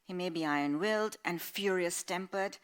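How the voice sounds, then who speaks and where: A woman author reading her own novel aloud in a measured, expressive way. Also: fairly low pitch, clean tone.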